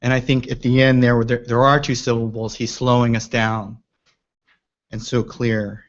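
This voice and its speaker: A man's voice: mid-range voice, completely flat delivery, normal speed. A man giving reflective commentary on a poem, thinking aloud with restarts. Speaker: poetry reader and commentator. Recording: dull lo-fi recording.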